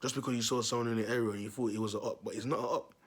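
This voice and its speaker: A man's voice: mid-range voice, steady tone, racing, slightly rough. A man, a vlogger telling a neighbourhood story to his viewers in a slangy, repetitive way.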